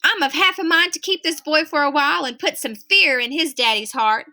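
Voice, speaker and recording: A woman's voice: high-pitched, brisk, bright, forceful tone. A woman voicing a motherly woman who fusses over a child and scolds her teasing father. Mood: disapproving. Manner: fussing, scolding then coaxing. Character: motherly woman, fussing and caring.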